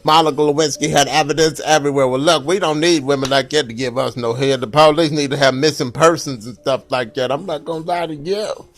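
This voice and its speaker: A man doing a stand-up comedy set, telling loose, rambling stories full of "you know" and jumping into a shrill falsetto wail for panicked bits. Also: steady tone, a little fast.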